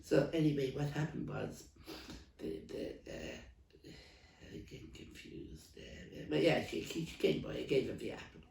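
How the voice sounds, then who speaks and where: A man's voice: medium pitch, unhurried, gravelly, a little mellow. A man playing an elderly Dublin stall trader, a rambling, coughing heavy smoker who stumbles and restarts as she talks. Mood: gossipy. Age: older. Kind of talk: comic character monologue. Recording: roomy, distant mic.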